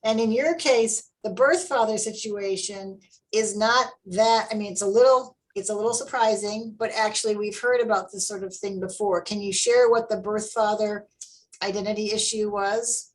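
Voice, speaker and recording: A woman interviewing an author in a conversational webinar, enthusiastic and lively. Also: medium pitch, moderate pace, low-quality recording. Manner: enthusiastic, animated when quoting herself. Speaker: interviewer, adoptive parent.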